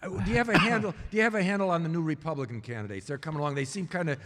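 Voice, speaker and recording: Quick-talking male interviewer. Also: a little high, fairly bright tone, long reverb tail. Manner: eager, rambling questions. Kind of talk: live on-stage interview. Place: stage at an arts venue before an audience.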